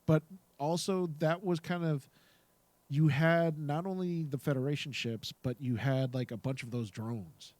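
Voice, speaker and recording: A man co-hosting a casual podcast discussion who talks in an animated way, laughs often and echoes his co-host's words. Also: fairly high pitch, a little slow. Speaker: podcast co-host.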